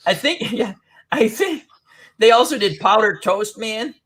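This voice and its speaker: A man's voice: sits high, animated, measured pace, fairly bright tone, breathy edge. A man hosting a casual online chat, rambling through funny stories with lots of giggles. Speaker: host.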